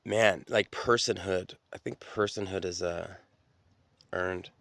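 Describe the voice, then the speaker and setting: Man, gravelly voice, rambling profane monologue, dry close sound. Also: low-pitched, fairly even intonation, takes it slowly, a bit bright, no room sound. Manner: profane, stream-of-consciousness storytelling with many restarts.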